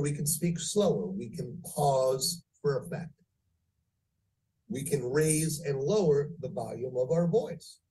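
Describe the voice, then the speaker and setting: A man teaching phone sales, speaking deliberately and varying pitch and pace for effect. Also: warm tone, far from the mic, low-quality recording. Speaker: sales trainer. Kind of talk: training lecture.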